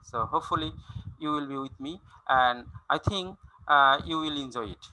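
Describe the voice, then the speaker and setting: A man giving a university lecture on poetry, explaining slowly with many fillers and restarts. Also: fairly high pitch, sharp tone, rough recording. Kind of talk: recorded online lecture on poetry.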